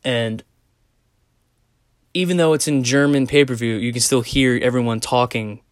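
A man's voice: mid-range voice, fairly even intonation, moderate pace, no room sound, studio quality. A young man talking casually in a rambling monologue, swearing often and filling gaps with "like" and "um". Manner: rambling, profane, lots of "like" fillers. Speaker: vlogger.

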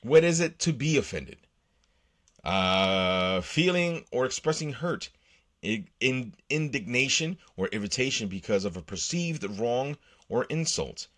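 A man's voice: medium pitch, expressive, unhurried, a bit bright. A man in a mid-range voice, hosting his own show and talking on his own. He rambles and swears freely, restarting sentences and leaning on fillers as he works through his thoughts. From United States. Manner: rambling, profane, with frequent restarts. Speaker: podcast host. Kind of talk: casual solo monologue.

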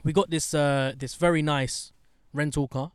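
A young man telling a story in casual chat, animated, swearing and getting heated as he talks. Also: moderate pace, smooth, dry recording, studio quality. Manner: animated storyteller, swears, gets heated and high when indignant.

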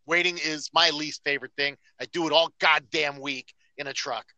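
Profane, ranting man with a bright voice. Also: on the high side, steady tone, moderate pace, dry recording, low-quality recording. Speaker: podcast host. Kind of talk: casual podcast chat.

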